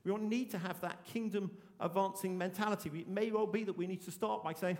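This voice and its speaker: A man delivers an earnest sermon, stressing his points and circling back to the same phrases. His voice sits high for a man. The sound carries a long reverb, as in a church hall. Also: steady tone, a little fast, hardly any pauses, darkish tone. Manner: earnest, emphatic preaching with repeated phrases. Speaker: pastor.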